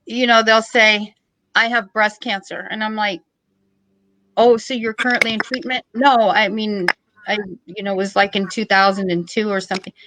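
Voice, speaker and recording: A middle-aged woman, a podcast guest, telling a story in a joking, lively way. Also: medium pitch, normal speed, low-quality recording. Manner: joking, animated storytelling with laughs. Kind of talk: casual storytelling.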